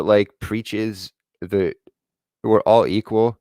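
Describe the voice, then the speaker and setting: A man with a very low voice delivers a profane, sarcastic rant as host of his own online show. The sound is close and dry, with no room around him. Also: moderate pace, a little mellow, no echo. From Quebec. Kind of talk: ranting commentary.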